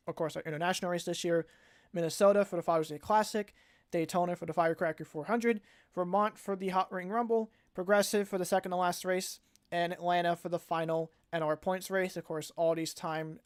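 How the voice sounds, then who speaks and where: A young man hosting a casual livestream announcement as a league organizer, rambling and often correcting himself mid-sentence. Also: high-pitched. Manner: rambling, frequent self-corrections and restarts.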